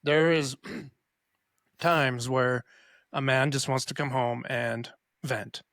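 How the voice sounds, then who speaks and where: A man's voice: medium pitch, fairly even intonation, very slow, fairly bright tone, dry recording, clean studio sound. A man co-hosting a casual podcast chat who reasons through his points earnestly. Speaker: podcast co-host.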